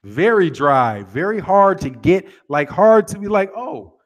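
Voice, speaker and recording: Animated profane American boxing host. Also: male voice, high-pitched, unhurried. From United States. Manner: profane, joking, lively with laughs. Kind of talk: casual commentary reading viewer chat.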